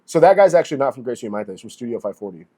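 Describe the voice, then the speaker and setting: A man in his forties co-hosting a podcast, telling stories in a casual, animated way, swearing freely and acting out what people said. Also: medium pitch, racing, husky. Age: 40s. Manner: animated storyteller, heavy swearing, acts out quotes. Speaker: podcast co-host. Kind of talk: casual chat.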